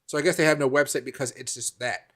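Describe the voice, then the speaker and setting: A man's voice: medium pitch, fairly even intonation, fast talker, fairly bright tone. Chatty man hosting a live stream. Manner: rambling, answers viewer chat by name, many fillers. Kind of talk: casual live-stream chat.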